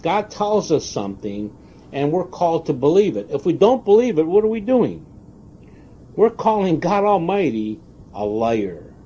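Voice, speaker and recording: A man preaching a sermon, stressing single words and pausing for weight. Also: on the high side, sing-song, mellow, a little hiss or hum. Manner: emphatic, stressing single words with long pauses. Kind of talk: recorded sermon. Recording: dull lo-fi tape recording.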